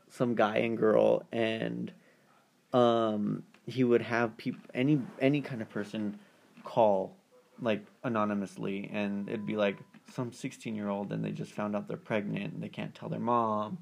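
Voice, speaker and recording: A man tells a long, rambling story in casual chat, his voice carrying a gravelly fry. He leans on fillers and slips into the voices of the people he describes. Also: fairly low pitch, darkish tone. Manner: rambling storyteller, many fillers, acts out quoted callers.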